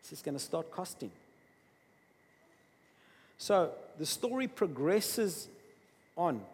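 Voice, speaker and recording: A man preaching a sermon, emphatic, swinging between loud bursts and quiet asides. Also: fairly high pitch, sing-song, slow pace, slightly rough. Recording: long reverb of a large hall.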